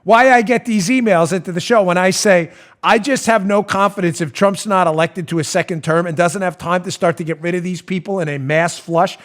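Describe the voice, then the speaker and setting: A male talk show host ranting about politics with animated sarcasm, often laughing mid-rant. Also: sits high, a little fast.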